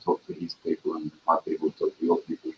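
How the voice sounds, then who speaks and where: A man's voice: rumbling low, completely flat delivery, quick pace, lo-fi sound, a little hiss or hum. A man from Arkansas in casual chat, joking and teasing the others. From Arkansas, USA.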